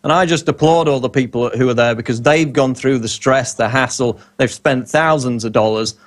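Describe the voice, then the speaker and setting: A man's voice: medium pitch, normal speed. A male reporter on a live talk radio show, speaking in an indignant, scornful tone. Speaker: reporter and co-host.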